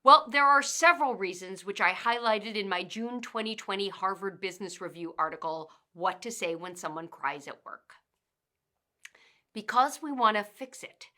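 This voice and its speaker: Woman trainer, bright forceful voice, measured explanatory delivery. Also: medium pitch, lively intonation. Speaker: workplace communication trainer and author. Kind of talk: instructional narration.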